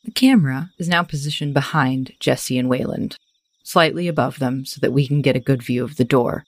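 A woman's voice: extremely low pitch, normal speed, dry recording. A woman running a tabletop game, narrating scenes in detailed, cinematic description. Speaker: game master.

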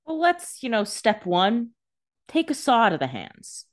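A woman's voice: a little high, huge pitch swings, a little slow. Wry woman co-hosting a chat. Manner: wry, profane commentary. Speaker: podcast co-host. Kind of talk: casual recap chat.

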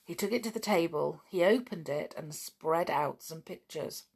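A woman's voice: low voice, normal speed, darkish tone, breathy edge. A woman reading a children's book aloud for a podcast, chatty in her sign-off. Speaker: podcast reader.

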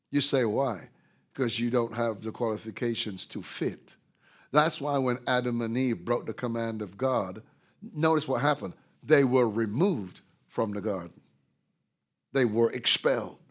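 A male preacher gives a sermon at an unhurried, measured pace, with a middle-pitched voice. He leans hard and loud into the scripture he quotes and repeats his points. Then he falls quiet and low when he reflects. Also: slightly rough. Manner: emphatic, rises loudly on scripture quotes, drops low on reflection; slow, deliberate preaching with repetition.

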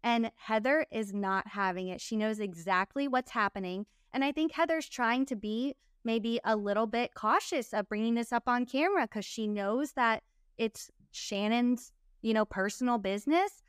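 Smooth-voiced woman recapping reality TV. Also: on the high side, normal speed, dry recording, clean studio sound. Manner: chatty, acts out cast members' lines. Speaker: podcast co-host. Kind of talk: casual recap chat.

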